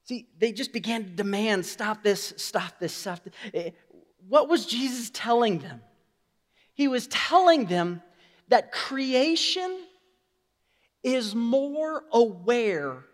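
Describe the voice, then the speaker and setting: Man, pastor, sermon, very high pitch, quiet asides then emphatic declarations. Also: in a large hall.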